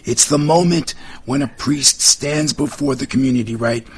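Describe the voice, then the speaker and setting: A man's voice: medium pitch, moderate pace, slightly rough. A man co-hosting a talk show, arguing earnestly and insistently in a heated debate. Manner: earnest, insistent, talks over others. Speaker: co-host.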